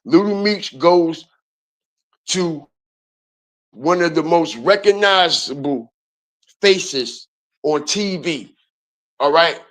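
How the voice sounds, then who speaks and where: Profane, drawling high-voiced male ranter. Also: slow, pauses often. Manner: loud, profane, mocking, repeats "all right" and "y'all". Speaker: commentary channel host. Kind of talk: profane rant commentary.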